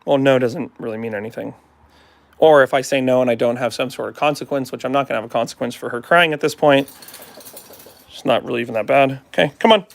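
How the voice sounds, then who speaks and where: A man's voice: medium pitch, steady tone, fast talker, gravelly. A man talking as a dog trainer in a casual live demonstration, chatting to his viewers and coaxing a dog along. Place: at home with a dog, partly in the yard.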